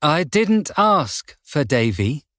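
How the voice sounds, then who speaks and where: Man voicing a soft-spoken, menacing killer. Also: fairly high pitch, expressive, no echo, studio quality, voice pushed up. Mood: calm menace. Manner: gentle, unhurried taunting. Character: calm, menacing male serial killer. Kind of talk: audiobook character voice.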